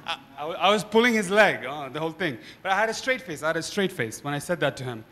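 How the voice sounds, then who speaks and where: A man speaking on a discussion panel, an animated storyteller who often tags his points with "right?". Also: a little high, fast, in a large hall, a little hiss or hum. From Nepal.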